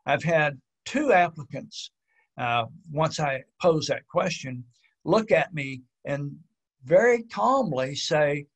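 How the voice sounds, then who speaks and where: Man, slightly high pitch, pilot examiner, webinar presentation, measured explanatory delivery, frequent fillers. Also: lively intonation, breathy edge.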